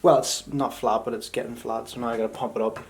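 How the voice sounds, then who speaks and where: A man's voice: mid-range voice, fairly even intonation, quick pace, gravelly, very noisy. A young man, chatting casually and swearing freely as he vlogs from tour on a handheld action camera. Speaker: touring actor vlogging. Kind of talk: casual vlog chat.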